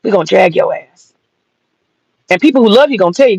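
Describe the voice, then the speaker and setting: A woman's voice: medium pitch, expressive, a little fast, vocal fry, a little mellow, husky, no echo. A woman ranting bluntly and mockingly, profane and sassy. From American South. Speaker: commentator. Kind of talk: profane opinion rant. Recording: dull lo-fi dry sound.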